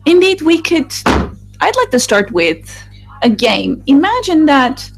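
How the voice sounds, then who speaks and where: A woman works as a live voice-over interpreter for a focus group discussion, her slightly high voice sing-song and gravelly. She speaks haltingly, breaking off and restarting phrases, while soft music plays faintly behind her on poor-quality audio.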